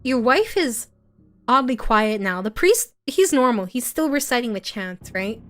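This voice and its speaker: A woman's voice: fairly high pitch, animated, a little slow, faint music behind. A woman streamer narrating an interactive horror story for her viewers as game master, in a playful, teasing way as she reads out chat comments.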